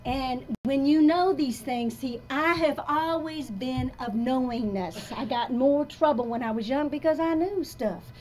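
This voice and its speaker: A woman of about sixty giving a live motivational talk to an audience in a coffee shop, emphatic and confessional, swinging between soft and loud. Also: high voice, a little slow, few pauses, slight background noise. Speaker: motivational speaker.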